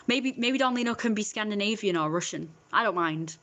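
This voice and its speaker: A woman's voice: medium pitch, animated, fairly quick, a bit bright. A woman, chatting casually with her viewers in a rambling way, full of fillers and restarts. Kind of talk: casual chat.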